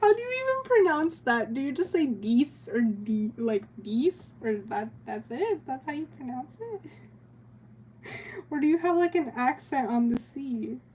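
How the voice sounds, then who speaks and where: Young woman, high voice, giggly rambling stream chat, faint room hiss. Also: lively intonation, a little slow, darkish tone. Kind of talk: casual chat while drawing on stream.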